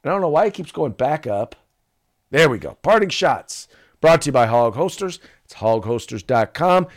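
A male podcast co-host with a lively, swinging pitch, chatting casually about politics. He reads sponsor spots and acts out the voices in the memes he describes. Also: moderate pace. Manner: animated, acts out quoted voices.

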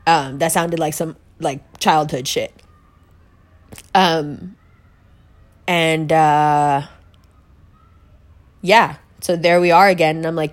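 Chatty woman with a lowish voice. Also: fairly even intonation, slow pace, pauses often. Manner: chatty, peppered with "like", quoting herself. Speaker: storyteller. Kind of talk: candid personal storytelling.

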